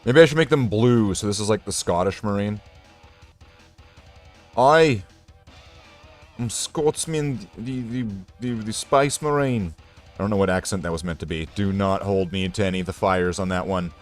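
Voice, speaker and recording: A man's voice: deep voice, quick pace, few pauses. A man casually chatting while painting miniatures, rambling and joking at his own expense. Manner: rambling, joking, self-deprecating. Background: faint guitar music.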